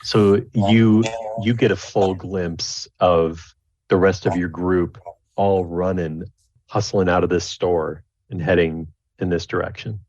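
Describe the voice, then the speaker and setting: A man's voice: sits low, steady tone, slow pace, a little mellow, dry recording. A man acting as game master, narrating a tabletop game in a rambling way with many restarts. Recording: dull lo-fi recording, dry.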